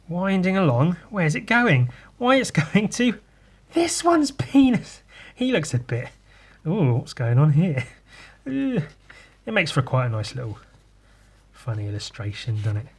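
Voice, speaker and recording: A man's voice: a little high, very animated, normal speed, fairly bright tone, slightly rough. Crude joking male podcast host. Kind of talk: casual chat.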